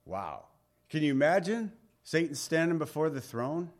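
A man with a voice pitched slightly above the usual, delivering a sermon in a relaxed, conversational way. He reads scripture in old-fashioned wording and slips in homespun asides and little jokes between the verses. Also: a little slow. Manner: conversational Bible teaching with folksy asides and jokes; reads scripture aloud in King James wording. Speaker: pastor.

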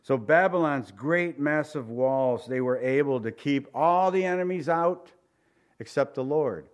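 A man preaching a verse-by-verse sermon, reading scripture aloud and then commenting in a relaxed, conversational way, sometimes acting out incredulous reactions. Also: mid-range voice, a little slow. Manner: animated, acts out incredulous reactions.

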